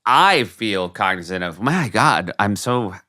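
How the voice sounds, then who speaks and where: Deep-voiced man joking on a podcast. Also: big pitch swings, sharp tone, dry recording, clean studio sound. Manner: joking, rambling, quick asides. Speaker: podcast co-host. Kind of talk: casual chat.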